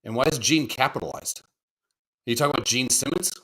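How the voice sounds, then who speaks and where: Fairly quick and medium-pitched with a bit of brightness, this thirty-something man co-hosts a podcast. The conversation is casual and rambling, heavy on swearing and impersonations of others.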